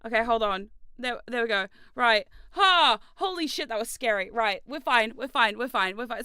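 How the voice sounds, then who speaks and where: Casting: young woman streamer, high bright voice, excitable, swears a lot, loose chat. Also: unhurried, clean tone, no room sound. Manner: excitable, swears freely, bursts into laughter. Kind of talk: casual livestream chat.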